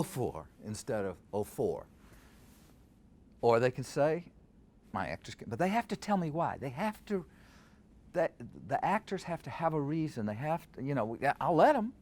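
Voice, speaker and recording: An older man, a scholar and theater director, answering interview questions and reciting verse lines to show how they are stressed. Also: medium pitch. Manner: animated, quotes verse aloud to show stresses.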